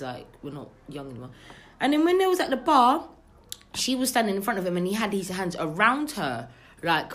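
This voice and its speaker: Young woman telling gossip. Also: mid-range voice. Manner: animated gossipy storytelling with slang. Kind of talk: casual storytelling chat.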